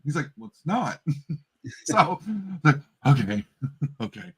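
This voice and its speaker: Animated grandfather chatting on a livestream. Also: fairly high pitch, husky. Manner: animated storyteller, quick laughs. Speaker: co-host. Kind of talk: casual livestream chat.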